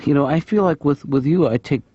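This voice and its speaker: A soft-spoken deadpan therapist. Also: male voice, fairly high pitch, fairly quick, breathy edge, dry recording. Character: mild-mannered middle-aged male therapist. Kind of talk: animated sitcom voice acting. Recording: dull lo-fi sound, dry.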